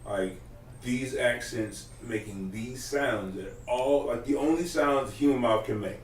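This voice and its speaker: A man's voice: mid-range voice, unhurried, far from the mic. A man chatting casually in a loose, profane, rambling way. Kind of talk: casual podcast chat. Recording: roomy, off-mic, faint room noise.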